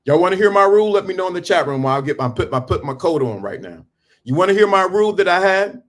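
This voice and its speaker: A middle-aged man, speaking a little high, lectures his livestream viewers in an emphatic, preachy way. He talks straight to them and keeps stopping and restarting his sentences while he gets dressed. The sound is picked up on his phone or camera. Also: expressive, quick pace. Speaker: livestream host. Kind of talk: casual motivational livestream talk. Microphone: phone or camera on a stand.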